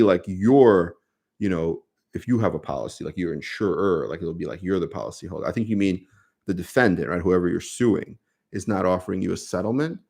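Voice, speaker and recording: A man's voice: on the low side, gravelly, a little mellow. A man with a New York accent, a lawyer answering viewer questions on a casual live stream, speaking conversationally with many fillers.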